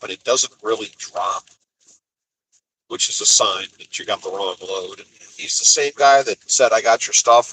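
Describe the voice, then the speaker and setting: Exasperated man, bright voice. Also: lowish voice, slight background noise, low-quality recording. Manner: exasperated storytelling, acts out quotes. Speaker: expedite van driver. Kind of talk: casual driving vlog monologue. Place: inside a cargo van on the highway.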